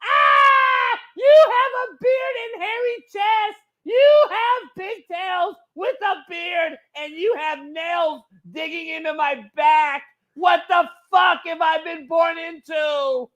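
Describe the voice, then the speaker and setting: This is an outraged newborn baby boy, as a grown man puts him on, with a high, strained voice far above his natural one. He shouts in a frantic, profane panic. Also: fairly even intonation, slow, few pauses, full character voice. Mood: horrified shrieking.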